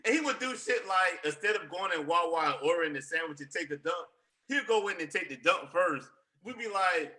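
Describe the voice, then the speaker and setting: A man with an American accent, a podcast co-host who tells animated stories and laughs as he talks. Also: high-pitched, brisk. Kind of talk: casual storytelling chat.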